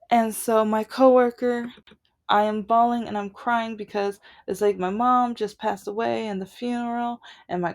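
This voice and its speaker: A woman vlogger telling a long personal grievance story in a casual, rambling way, with many restarts. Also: mid-range voice.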